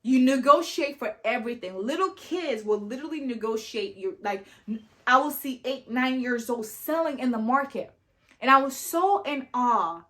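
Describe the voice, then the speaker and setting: Young woman vlogging, kinda high voice, super animated, keeps saying like and you know. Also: normal speed. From family from Sierra Leone, raised abroad. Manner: animated, lots of "like" and "you know", acts out quoted dialogue. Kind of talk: casual storytelling to camera.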